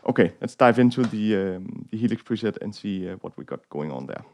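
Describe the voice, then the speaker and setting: A man's voice: fairly low pitch, expressive, brisk, darkish tone, slight background noise. A young Danish man with a Danish accent, hosting a guitar tone tutorial in a casual, rambling way with lots of fillers and self-deprecating jokes. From Denmark. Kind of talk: casual gear walkthrough.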